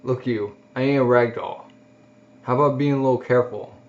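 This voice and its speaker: A man's voice: medium pitch, steady tone, a little fast, natural voice. A man reading as a grim, brooding mercenary. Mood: gruff. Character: grim battle-worn young male mercenary. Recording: dull lo-fi recording.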